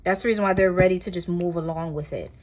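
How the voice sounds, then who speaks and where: A woman doing a casual tarot reading, talking in a chatty, rambling way with animated asides. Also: on the low side, fast. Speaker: tarot reader.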